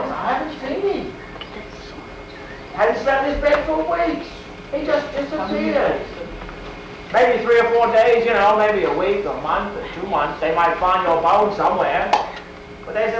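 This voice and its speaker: High-voiced man telling medieval tales. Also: a little slow, pauses often. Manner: folksy, rambling, speaks in old-timey rustic grammar; talks straight to listeners and asks them questions. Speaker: costumed medieval storyteller. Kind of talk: first-person historical role-play for an audience. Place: school event crowd area. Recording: echoey camcorder sound from far off with faint noise.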